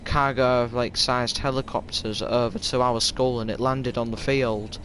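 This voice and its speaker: A man's voice: medium pitch, fairly even intonation, measured pace, fairly bright tone, slight background noise, low-quality recording. A young man with a Yorkshire accent chatting casually on a game live stream, rambling through stories in a stop-start way.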